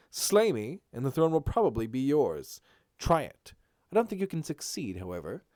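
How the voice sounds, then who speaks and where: A man's voice: mid-range voice, a little mellow, no room sound, clean studio sound, close to an everyday voice. Man doing a haughty, sarcastic prince. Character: arrogant sarcastic prince, elder brother and rival.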